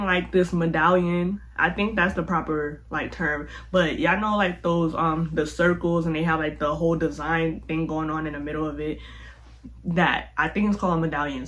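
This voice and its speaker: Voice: mid-range voice, fairly bright tone, poor audio. A young adult vlogger telling a story casually to camera in a chatty, slangy way, filling the talk with "like". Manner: chatty, heavy use of "like", slangy.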